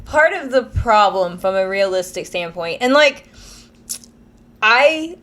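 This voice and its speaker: A woman's voice: medium pitch, expressive, takes it slowly, fairly bright tone. Thoughtful woman podcast co-host. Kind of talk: casual chat.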